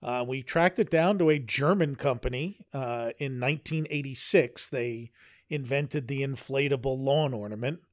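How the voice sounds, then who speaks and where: A man's voice: medium pitch, moderate pace, no room sound, studio quality. A man co-hosting a podcast in casual chat, rambling with frequent restarts. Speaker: podcast co-host.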